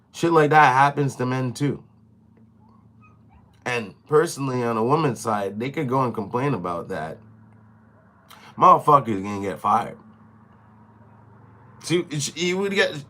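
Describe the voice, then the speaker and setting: A young man casually telling a story on his live stream, profane and animated, slipping into quoted voices. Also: medium pitch. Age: young adult.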